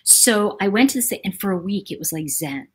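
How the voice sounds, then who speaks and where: A woman from New York City hosting a casual livestream, talking in a chatty, animated way and reading out viewer comments. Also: mid-range voice, a little fast, husky. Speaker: livestream host. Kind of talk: casual live-chat monologue.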